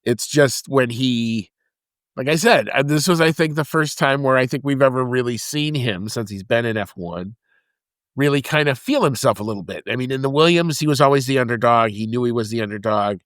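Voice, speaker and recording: A man's voice: mid-range voice, brisk, fairly bright tone, dry recording, studio quality. A man co-hosting a podcast in casual chat, talking conversationally with fillers. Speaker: podcast co-host.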